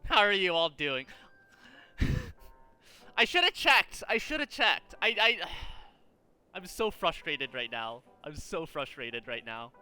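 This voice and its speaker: Casting: male game streamer, high clear voice, ranting and swearing in casual chat. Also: takes it slowly, pauses often, soft background music. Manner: animated, exasperated, swears often. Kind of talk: casual livestream chat while gaming.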